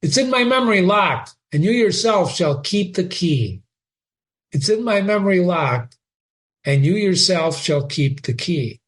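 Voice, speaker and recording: A man's voice: sits high, expressive, unhurried, pitched above the performer's own voice. A man reading an earnest young nobleman. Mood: earnest farewell.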